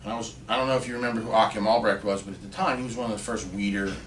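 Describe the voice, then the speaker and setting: Racing along in a fairly low voice, a podcast guest spins a story in casual conversation, lively and fully committed to the quotes he performs. He sounds distant from the mic in a roomy space, with faint hiss in the background.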